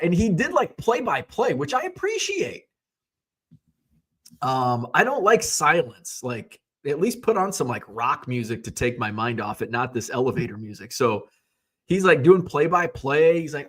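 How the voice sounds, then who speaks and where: Chatty man with a lively voice. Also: mid-range voice, unhurried. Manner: rambling, conversational, swears casually, retells scenes in quoted voices. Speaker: hobby vlogger. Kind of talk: casual storytelling.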